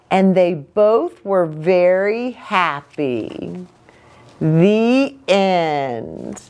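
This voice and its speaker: Woman pastor, storybook reading, very lively melody, slow and unhurried. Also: medium pitch. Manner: gently chatty asides to children.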